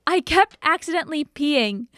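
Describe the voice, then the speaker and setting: A woman's voice: high voice, animated, normal speed, fairly bright tone, no echo, clean studio sound. A young woman co-hosting a podcast, telling a story in a chatty, rambling way. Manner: chatty, rambling, full of "um" and "you know". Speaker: podcast co-host. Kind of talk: casual chat, storytelling.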